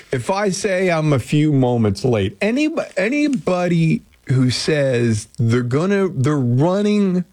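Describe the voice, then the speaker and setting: A man's voice: medium pitch, a little mellow, dry recording. Man radio host, chatty and rambling, dry close studio sound. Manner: chatty, rambling, jokey asides. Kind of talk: casual morning radio chat. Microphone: close studio mic.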